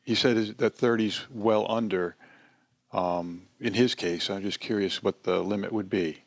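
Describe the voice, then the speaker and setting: A man's voice: lowish voice, fairly even intonation, unhurried, no room sound. A man co-hosting a home-building podcast, chatting casually and asking curious questions. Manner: curious, agreeable, asks questions. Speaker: podcast co-host.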